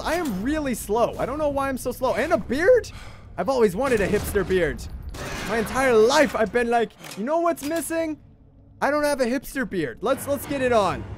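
A young man streaming a game, excitable, swinging between shouting at the game and grumbling. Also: sits high, slight background noise. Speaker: gaming livestreamer. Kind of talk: livestream gameplay commentary.

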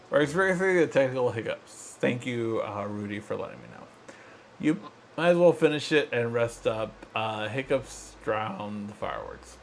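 A man's voice: medium pitch, slight background noise. Drunk slurring man with hiccups. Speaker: host. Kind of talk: live tech show chat.

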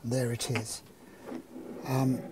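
A man's voice: medium pitch, very slow, heavy background noise. An older man, an engineer, telling an anecdote and then explaining a problem with a live model demonstration. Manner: anecdotal, relaxed storytelling.

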